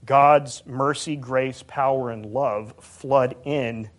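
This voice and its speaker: A man's voice: medium pitch, fairly even intonation. Man giving a theology lecture. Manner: measured, emphatic, reads out quotes. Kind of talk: academic lecture.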